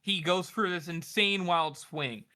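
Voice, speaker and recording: A man's voice: sits high, bright, forceful tone. A man co-hosting a podcast, eagerly laying out his take on a book in casual chat. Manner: eager, fast-running analysis. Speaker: podcast co-host.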